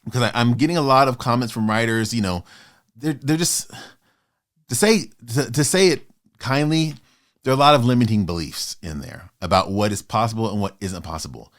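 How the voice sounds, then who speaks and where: A man in his fifties hosting his own motivational vlog, talking in a passionate, fired-up way with sudden loud bursts. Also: medium pitch, brisk. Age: 50s. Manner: acts out doubters in quoted asides. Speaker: author and channel host.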